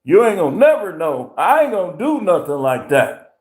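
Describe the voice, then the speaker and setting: A man hosting a livestream, telling stories in a profane, animated rant with voiced impressions. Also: sits high, moderate pace. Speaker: livestream host. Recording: roomy echo.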